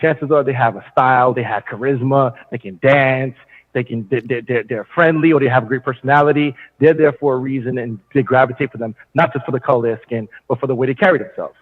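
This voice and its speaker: Man, phone-line sound, husky, fast, lecturing, raised pitch. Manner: lecturing, deliberate argument. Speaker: panel guest. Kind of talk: opinionated commentary.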